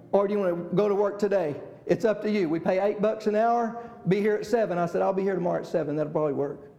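Male pastor, high pitched, fervent sermon delivery, roomy church sound. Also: vocal fry, dark tone. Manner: impassioned preaching, repeats phrases, calls out amen and hallelujah.

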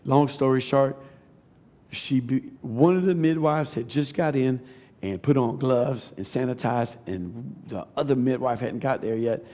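A man, giving a testimony sermon that builds to fervent shouting. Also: medium pitch, a little slow. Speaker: preacher.

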